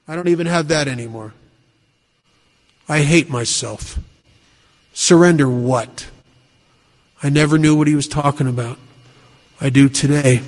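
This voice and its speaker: A man's voice: fairly high pitch, big-room sound. A man sharing his recovery story with a live group in a meeting room, blunt and self-mocking, full of rhetorical questions. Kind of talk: personal testimony talk to a live group.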